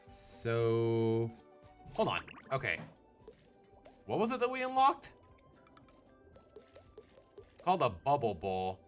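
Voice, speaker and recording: A man's voice: mid-range voice, huge pitch swings, takes it slowly, pauses often, a bit bright, faint music behind. A young man casually commenting while playing a game on a live stream, chatty and self-mocking.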